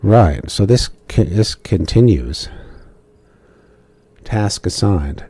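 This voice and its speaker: A man's voice: on the low side, lively intonation, slow pace, pauses often, dark tone, husky, no room sound. A man giving casual, joking commentary while playing a video game, talking to himself as he goes. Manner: chatty, joking asides to himself. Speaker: gamer.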